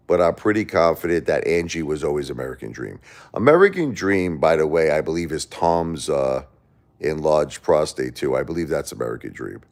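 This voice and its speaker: Man, Brooklyn accent, low voice, rambling casual chat, repeats himself. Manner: animated, rambling storyteller who repeats himself. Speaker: livestream host. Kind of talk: casual chat answering viewers.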